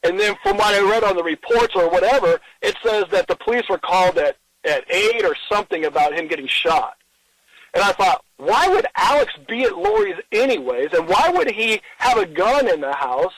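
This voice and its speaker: A middle-aged man in an interview, telling a personal story in an earnest, halting way, with many restarts and quoted dialogue. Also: high voice, sing-song, a bit bright, no room sound, low-quality recording.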